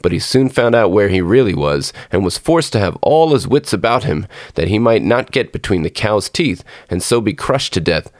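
Male storyteller for a fairy-tale reading; low, measured, expressive delivery, dry close mic. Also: no echo. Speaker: podcast storyteller. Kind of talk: scripted storybook narration.

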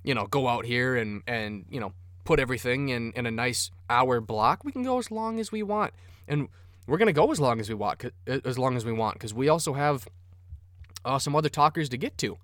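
A man's voice: medium pitch, lively intonation, fairly quick, fairly bright tone, dry recording, clean studio sound. A man hosting a sports podcast, rambling casually and cursing freely. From Minnesota. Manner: profane, rambling, enthusiastic. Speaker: podcast host.

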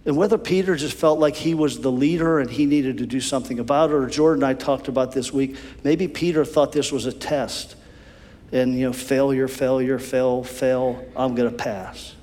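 A man's voice: mid-range voice, moderate pace. A man preaching a sermon as a pastor, telling the story vividly and often repeating himself. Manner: animated storytelling, repeats words. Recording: long hall reverb.

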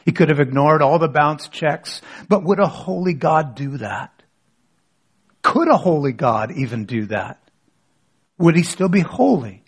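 A man's voice: a little high, sing-song, a little slow, slightly rough. A man preaching a sermon as pastor, asking rhetorical questions and leading the congregation in reading scripture aloud.

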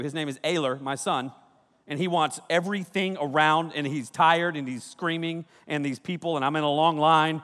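A man preaching a comedic sermon to young people, telling stories with lots of energy and jumping into high voices when he quotes people. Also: big-room sound. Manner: animated storytelling, jumps into high voices for quotes. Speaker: pastor.

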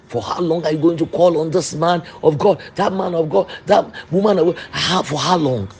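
A woman preacher delivers a sermon with fervent conviction. She repeats each declaration several times and pushes her voice up into shouts to drive a point home. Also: sits low, moderate pace, hardly any pauses, noisy background.

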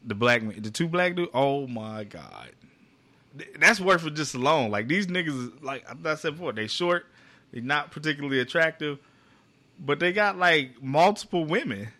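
A man with a bright, forward voice hosts a casual podcast. He talks with lively enthusiasm and heavy slang. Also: fairly high pitch, normal speed. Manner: animated, enthusiastic storyteller with slang. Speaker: podcast host. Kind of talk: casual chat.

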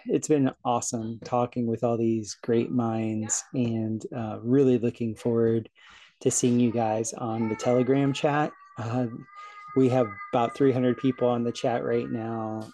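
A man's voice: medium pitch, dark tone, slight background noise. A man from South Florida, a podcast host, rambling cheerfully through a casual outro and laughing at his own slips.

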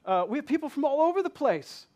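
A man's voice: extremely high pitch, sing-song, fast talker, darkish tone. A man from Michigan with a Southern accent, preaching a passionate sermon in a church and asking the congregation many rhetorical questions. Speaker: pastor.

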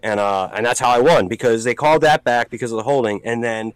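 A man co-hosting a casual podcast, telling a story in a profane, animated way with sudden shouted outbursts. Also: medium pitch, fast talker, clean tone, dry recording, poor audio. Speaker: podcast co-host.

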